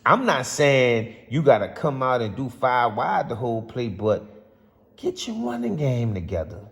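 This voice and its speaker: A man's voice: on the high side, vocal fry. A man ranting passionately to camera as a vlogger, rambling and repeating himself. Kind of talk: casual football rant to camera. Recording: long hall reverb.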